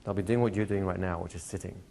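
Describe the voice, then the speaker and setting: A man teaching a hypnosis class to a live audience, talking in a relaxed way and slowing into soft hypnotic suggestions. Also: sits low, vocal fry. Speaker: hypnosis trainer. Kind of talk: live training lecture. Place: training room with a seated audience.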